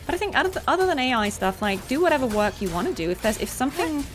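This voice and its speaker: A woman's voice: high voice, sing-song, rapid-fire, soft background music. A woman, a voice actor and streamer, chatting casually while gaming and giving earnest advice with frequent ums.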